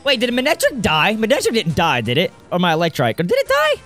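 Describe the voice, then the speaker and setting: A young man hosting a casual two-player gaming session, chatty and excitable, laughing often. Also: sits high, quick pace, soft background music. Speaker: host. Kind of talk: gaming commentary.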